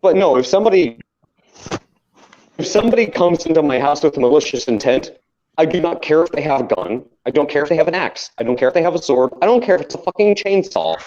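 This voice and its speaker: A man's voice: a little high, lively intonation, quick pace, a little mellow. Man ranting heatedly, full of swearing. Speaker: podcast co-host. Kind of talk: casual chat. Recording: dull lo-fi sound.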